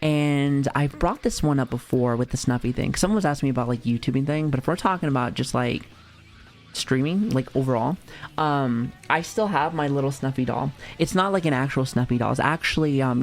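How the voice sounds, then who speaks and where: A man's voice: medium pitch, brisk. Rambling, foul-mouthed male streamer. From United States. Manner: rambling, profane, chatty, with many fillers and restarts. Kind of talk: casual livestream chat reacting to chat.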